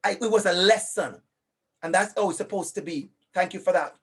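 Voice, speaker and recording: A man with a Jamaican accent giving a live online lecture, animated and emphatic, turning to a colleague by name. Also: high voice, brisk, breathy edge.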